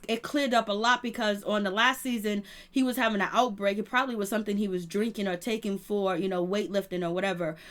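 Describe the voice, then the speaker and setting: A woman hosting a live show, recapping a reality episode in slang-heavy casual talk, acting out quotes and laughing often. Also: a little high. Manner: animated retelling, acts out quotes, frequent laughter. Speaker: YouTube show host reviewing reality TV. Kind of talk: live-stream commentary chat.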